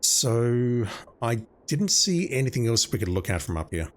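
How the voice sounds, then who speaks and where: A man's voice: medium pitch, big pitch swings, normal speed. A man giving casual commentary while playing a video game, thinking aloud as he goes. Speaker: let's play commentator.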